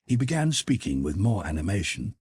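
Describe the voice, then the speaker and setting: A man reading a classic novel aloud with a very deep, husky voice and lively pitch movement. The recording is dry and close. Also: no room sound. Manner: expressive, measured storytelling. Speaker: audiobook narrator. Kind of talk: scripted narration.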